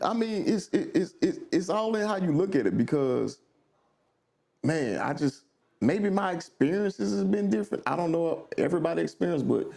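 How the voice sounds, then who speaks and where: A man from chats as a podcast guest, his voice swinging widely in pitch. He has a gravelly edge and a mellow, darker tone. He tells stories with loose southern slang. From Baton Rouge, Louisiana. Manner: animated storyteller with southern slang. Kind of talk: casual conversation.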